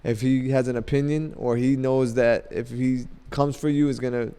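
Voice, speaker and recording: A man guesting on a podcast, telling loose, animated stories full of fillers. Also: medium pitch, normal speed, smooth, long reverb tail. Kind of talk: casual storytelling chat. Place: podcast studio.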